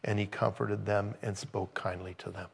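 A man preaching as a pastor, teaching through a scripture passage conversationally and growing animated when he retells the scenes. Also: on the low side, normal speed, creaky, husky. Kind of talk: expository sermon.

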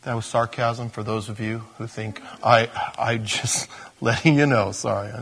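A man's voice: mid-range voice, fairly even intonation, unhurried, a bit bright, slightly rough. A man preaching a sermon in a conversational, self-deprecating way, talking to his congregation like friends. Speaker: pastor.

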